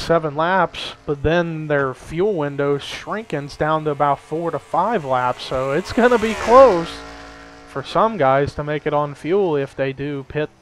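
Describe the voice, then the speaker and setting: A man's voice: on the high side, a little hiss or hum, poor audio. Young man calling a sim race. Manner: steady play-by-play, tentative hedging. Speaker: play-by-play commentator. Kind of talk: amateur sim-racing commentary.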